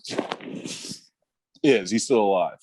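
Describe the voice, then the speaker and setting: A man in his thirties, a podcast guest and former pro basketball player, telling stories in a relaxed, halting way with frequent laughs. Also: fairly low pitch, breathy edge, no room sound. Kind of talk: casual storytelling on a podcast.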